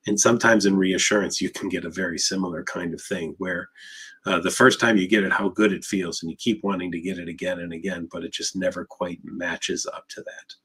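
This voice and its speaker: A man's voice: low voice, fairly even intonation, brisk, a bit bright, breathy edge. A man who is a therapist, answering questions in a live session in an emphatic, conversational way, full of rhetorical questions. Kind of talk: live Q&A talk.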